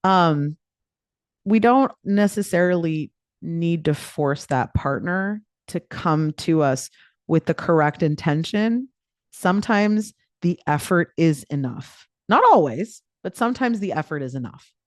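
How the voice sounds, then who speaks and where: A woman's voice: on the low side, animated, unhurried, no room sound, clean studio sound. A woman life coach giving a live online coaching talk in a chatty, playful way, with lots of filler words.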